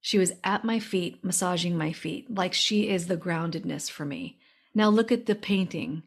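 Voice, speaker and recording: A woman with a somewhat low voice hosts a podcast conversation. She talks in a casual, earnest way and gets emotional as she tells her story. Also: moderate pace, breathy edge. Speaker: podcast host and medium. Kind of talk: casual interview chat.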